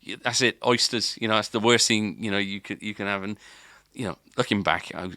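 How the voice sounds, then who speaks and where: A man's voice: lowish voice, fairly quick, bright, forceful tone, smooth, no echo, clean studio sound. A man, a podcast co-host, telling a long story in casual chat, rambling with restarts and filler words.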